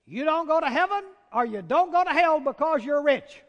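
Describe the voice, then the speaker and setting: High-voiced Southern preacher in a reverberant hall. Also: male voice, animated, highs cut off. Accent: Southern American. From Southern United States. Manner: swings from hushed, drawn-out words to loud, urgent exclamations. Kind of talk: sermon. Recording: long reverb of a large hall.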